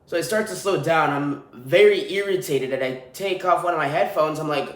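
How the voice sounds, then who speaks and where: A man with a somewhat high voice rants through his podcast, irritated and swearing freely. The room around him gives his voice a noticeable echo. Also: normal speed, fairly bright tone. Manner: irritated, profane, ranting. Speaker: podcast host. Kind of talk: solo podcast rant. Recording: roomy echo.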